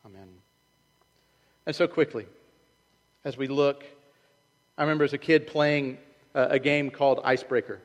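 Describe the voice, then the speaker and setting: A man's voice: medium pitch, level tone, moderate pace, long pauses, in a large hall, poor audio. A man preaching a sermon as pastor, in a loose conversational way that acts out the voices he quotes. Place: church sanctuary.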